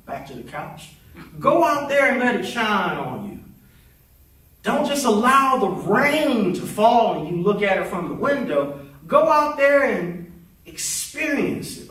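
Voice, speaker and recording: Man preaching, high lively voice, chatty and playful, echoey sanctuary, heard from afar. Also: recorded from a distance. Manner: talkative, animated, playful, call-and-response with congregation. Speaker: minister. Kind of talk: conversational sermon. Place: church sanctuary.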